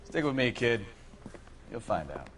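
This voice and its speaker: Casting: sardonic veteran cop, lively delivery. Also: male voice, mid-range voice, measured pace, slight background noise. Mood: wry. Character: wry, easygoing veteran male detective. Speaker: detective partner.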